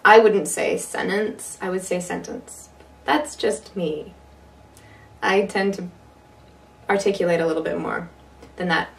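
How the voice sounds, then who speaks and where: A woman's voice: lowish voice, measured pace, creaky, long pauses. Woman accent coach, playful demos, sounds distant, played back from a video. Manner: playful, demonstrating accents by example.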